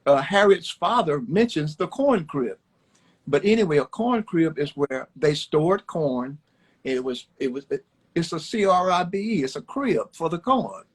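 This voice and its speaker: Older man, husky voice, a bit high, folksy storyteller, repeats words, chuckles. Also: rough recording. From Alabama, USA. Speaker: former baseball player, guest. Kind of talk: storytelling interview chat. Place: home, on a livestream. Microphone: phone on a live video stream.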